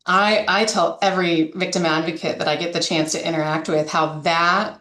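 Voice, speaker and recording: A woman's voice: fairly low pitch, steady tone, normal speed, fairly bright tone, roomy sound. A woman who directs a domestic violence coalition, candidly recounting a story in an interview, with many fillers and restarts.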